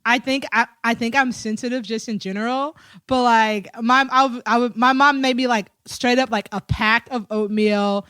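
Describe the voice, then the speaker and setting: A woman's voice: on the high side, fairly even intonation, moderate pace, fairly bright tone, clean tone, no echo. A woman co-hosting a podcast, chatty and laughing in casual talk, swearing often. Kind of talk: casual chat.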